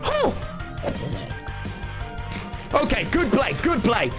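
A young man streaming a game, talking to chat, swearing and bursting into yells. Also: fairly high pitch, fairly quick. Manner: excitable, swearing, yelling bursts. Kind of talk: gaming livestream commentary. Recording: game music behind the voice.

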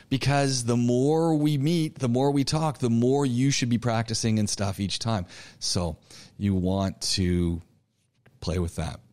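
A man teaching an online public speaking class, lecturing in an animated, coaching way with frequent restarts. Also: medium pitch. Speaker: college public speaking instructor.

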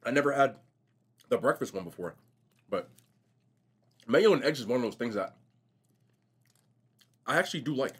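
A young man vlogging casually while eating, telling stories in a slangy, animated way. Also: medium pitch, moderate pace, long pauses, slightly rough. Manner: animated, slangy storytelling, says bro a lot. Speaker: mukbang vlogger.

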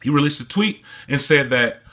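A man's voice: medium pitch, expressive, normal speed, bright, forceful tone. A man delivering a heated, profane and mocking commentary rant in a casual vlog, recorded alone indoors. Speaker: sports commentary vlogger.

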